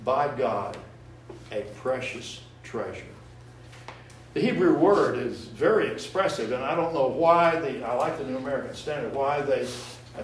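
A man's voice: medium pitch, slight background noise. A man preaching a sermon, teaching verse by verse and explaining word meanings to his congregation. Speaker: pastor. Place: church sanctuary. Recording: echoey room, voice from far off.

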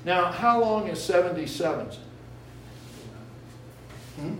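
A man's voice: sits high, lively intonation, slow pace, a little hiss or hum. Echoey male preacher from a distance. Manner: teaching, explaining Hebrew words to the congregation. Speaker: pastor. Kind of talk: sermon. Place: church sanctuary. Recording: echoey room, voice from far off.

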